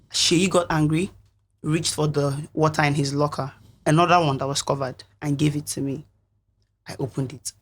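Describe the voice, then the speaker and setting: A young woman who was a reality show contestant recounts events in an interview. Her husky, low-pitched voice carries an earnest, reflective tone.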